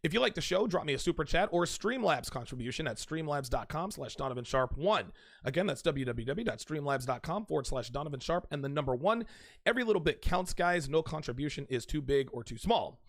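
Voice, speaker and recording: A man with a somewhat high voice lectures his audience directly as host of his own show. He is emphatic and forceful, and he hammers his points home by saying them twice. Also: animated, brisk. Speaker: podcast host. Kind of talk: direct-to-camera advice monologue.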